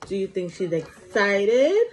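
Slow sing-song woman reading to kids. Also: mid-range voice, big pitch swings, rough recording. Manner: slow, sing-song, encouraging teacher talk with questions to children. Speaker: preschool teacher. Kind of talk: storybook read-aloud lesson for young children.

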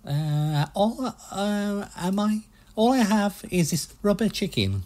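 A man's voice: high voice, sing-song, slow, darkish tone, pitched above the performer's own voice, exaggerated voice. A man playing a hapless young pirate, hesitant, meek, raised voice.

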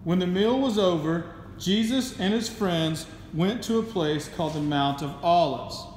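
A man narrating a school skit in a plain, measured way. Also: high voice, a little mellow, a little hiss or hum. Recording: echoey hall.

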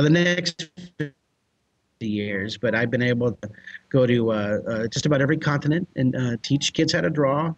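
A middle-aged American man, a drawing teacher, telling a story animatedly with bursts of laughter. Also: medium pitch. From United States. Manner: excitable, shouts and laughs mid-story.

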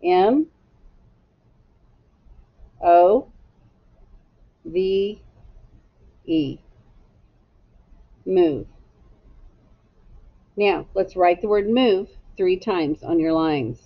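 A woman's voice: on the low side, very slow, pauses often, highs cut off. A woman teacher leading a phonics lesson for young children, sounding out letters one by one and giving patient step-by-step directions. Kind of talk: slow, drawn-out phonics lesson.

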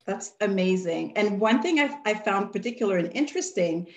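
A woman's voice: medium pitch, lively intonation, moderate pace, darkish tone, muffled recording. A woman hosting an interview, upbeat and affirming as she asks her questions. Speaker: interview host. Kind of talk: casual interview chat. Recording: roomy echoey sound.

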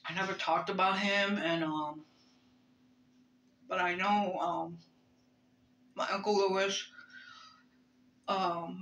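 A woman's voice: fairly low pitch, steady tone, slow pace, long pauses, a bit bright, slight background noise. A woman, rambling in a personal vlog, hesitant and reflective, with many fillers and restarts. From Brooklyn, New York. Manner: emotional, reflective. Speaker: vlogger. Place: bedroom. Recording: roomy bedroom echo.

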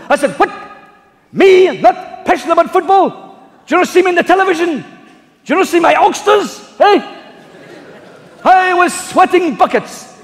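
A man doing a brash Dutch football boss. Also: very high-pitched. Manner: loud, hammy, punchline-driven, shouted catchphrases. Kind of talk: live stage impression. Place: large theatre stage. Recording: live hall with audience.

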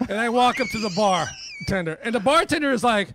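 A middle-aged man, a radio DJ, telling a story in casual chat, animated and profane, acting out the people he quotes. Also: very high voice, brisk, slight background noise. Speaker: radio DJ guest.

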